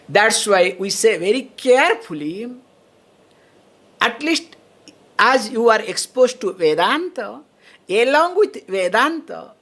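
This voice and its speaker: Woman swami, fairly high voice, teaching a spiritual class with laughs and frequent check-ins. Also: fairly bright tone. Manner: checks in with listeners often, laughs between points. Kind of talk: spiritual lecture.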